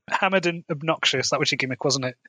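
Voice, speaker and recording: A man's voice: a little high, fairly quick, bright, forceful tone, slightly rough, no room sound. Chatty man recapping, dry close sound. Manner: laughs often, paraphrases dialogue loosely. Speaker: podcast co-host. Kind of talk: casual chat recapping a TV episode.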